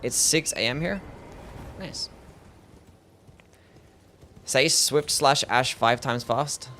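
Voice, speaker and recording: Taking it slowly and pausing often, a young Australian man with a medium-pitched voice streams a game amid slight background noise. He's easygoing and mumbly, answering chat questions and frequently trailing off with "I don't know."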